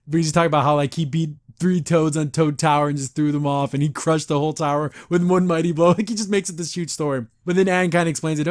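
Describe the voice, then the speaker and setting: A podcast host with a fairly high-pitched voice gushes through a casual recap of a cartoon episode, laughing frequently. He's chatty and slips into quick character voices. The sound is clean studio audio with no echo.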